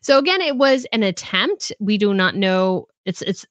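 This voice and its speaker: A woman's voice: medium pitch, big pitch swings, normal speed, no echo. A woman hosting a royal news live stream, chatting casually, reading out viewer comments and answering them with frequent laughs. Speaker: host of a royal news channel.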